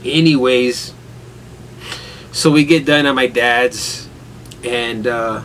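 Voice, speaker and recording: Rambling dad vlogging from home, mid-pitched, easygoing storyteller. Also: male voice, takes it slowly, fairly bright tone, far from the mic, a little hiss or hum, poor audio. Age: adult father with a son. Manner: rambling, laughs hard at his own story. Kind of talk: casual storytelling vlog. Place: indoors at home, rain outside.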